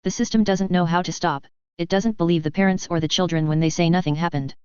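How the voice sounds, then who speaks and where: Clever eleven-year-old boy, argumentative, furious, read by a woman, smooth voice, dry sound. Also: on the low side, steady tone, fast, dry recording, muffled recording, natural voice. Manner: argumentative, lecturing, rising to shouting fury.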